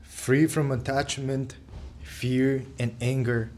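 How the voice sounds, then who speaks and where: Slow, measured man reading scripture. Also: medium pitch, little pitch movement, darkish tone, a little hiss or hum. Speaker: reader.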